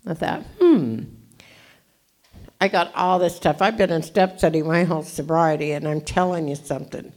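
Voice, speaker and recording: A woman in her seventies from California gives an animated, jokey, self-deprecating storytelling talk as a recovery meeting speaker. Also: on the low side, a little fast, few pauses. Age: 70s.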